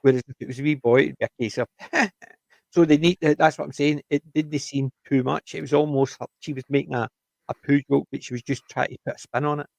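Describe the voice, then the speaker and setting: A man with a gravelly, creaky voice talks through a TV episode in casual chat. He rambles and restarts as he retells scenes. His voice is recorded close and dry, with no room sound. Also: mid-range voice, steady tone, quick pace, darkish tone, no room sound. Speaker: TV review podcast co-host.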